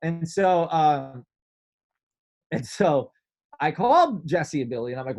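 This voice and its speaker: A man telling a story in a casual interview, animated, filling his talk with "like" and acting out quotes. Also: on the high side, moderate pace. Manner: animated, many "like" fillers, acts out quotes. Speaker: podcast guest, drummer.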